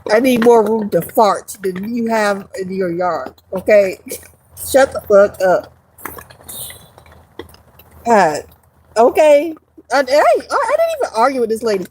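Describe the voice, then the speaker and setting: A woman's voice: a little high, sing-song, takes it slowly, pauses often, a little mellow, slight background noise, low-quality recording. Profane, rambling woman vlogger. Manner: profane, rambling, laughs often. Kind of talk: casual rant to camera.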